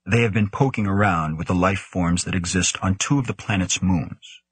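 A stern, brooding male official speaks in a deep, grave voice, as a male narrator puts him on. He is measured and slightly husky in a dry, close audiobook recording. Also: a bit bright, no room sound.

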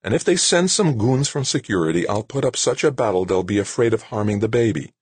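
A man's voice: lowish voice, lively intonation, fairly quick, breathy edge, no echo, pitched above the performer's own voice. A man reading an audiobook, voicing a playful, determined young wife in a raised, teasing voice. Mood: firm. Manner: teasing, firm.

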